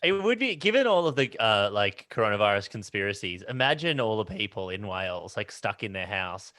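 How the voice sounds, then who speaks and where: A man's voice: on the low side, big pitch swings, brisk, pushed and bright, dry recording. A man joking on a comedy podcast, rambling into wild scenarios.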